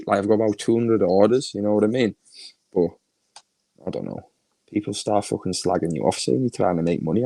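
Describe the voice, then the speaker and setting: A man's voice: lowish voice, vocal fry, mellow, breathy edge, no echo, poor audio. A man with a Liverpool accent hosting a livestream, ranting crudely and mockingly, laughing often. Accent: Liverpool (Scouse). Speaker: livestream host.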